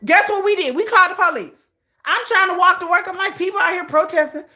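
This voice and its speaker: A woman's voice: extremely high pitch, a little fast, pushed and bright, a little hiss or hum. A middle-aged woman from the United States hosting a livestream, ranting emphatically and profanely with lots of repetition. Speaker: livestream host. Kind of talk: casual livestream rant.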